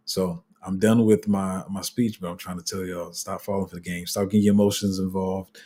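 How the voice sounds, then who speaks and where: Chatty low-voiced host with a husky edge. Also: male voice, fairly quick. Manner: chatty, animated, acts out quotes, trails off and restarts. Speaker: crypto channel host. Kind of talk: casual commentary to viewers.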